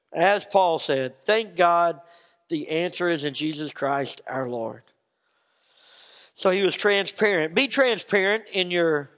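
A man preaching with a notably high voice, spinning folksy stories and acting out the people in them. The sound rings with the long reverb of a church hall. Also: a bit bright. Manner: folksy storytelling, acts out quotes. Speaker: pastor. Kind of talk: sermon. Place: church sanctuary.

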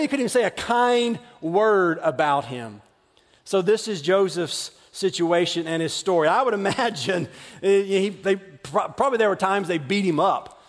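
A man, preaching a chatty storytelling sermon full of self-deprecating asides and restarts. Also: high voice. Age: 40s. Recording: long reverb of a large hall.

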